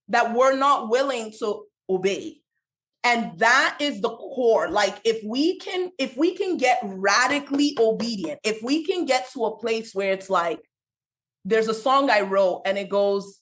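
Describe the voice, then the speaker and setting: A young woman with a non-native English accent, talking passionately on a faith-based podcast in a quick, preachy storytelling way. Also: on the high side, lively intonation, fairly bright tone. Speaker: podcast host, Christian business speaker.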